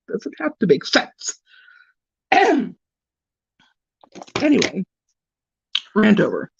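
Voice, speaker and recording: A woman's voice: mid-range voice, wildly swooping pitch, drawn-out words, vocal fry, slightly rough, no echo. A sleepy woman chatting casually with live viewers while doing her makeup, teasing them playfully and yawning often. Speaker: livestream host doing makeup. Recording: dull, lo-fi and dry.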